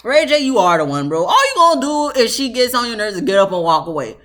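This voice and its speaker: Chatty animated woman reviewer. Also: fairly high pitch, fast talker. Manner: chatty, animated, lots of "you know" fillers. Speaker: TV show reviewer. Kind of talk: casual review commentary.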